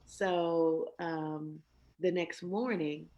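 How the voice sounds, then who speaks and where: An older woman guest telling a story in a lively, animated way, acting out the people in it and laughing along. Her voice sits low. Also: drawn-out words. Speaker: guest vocalist. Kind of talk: storytelling in a conversation.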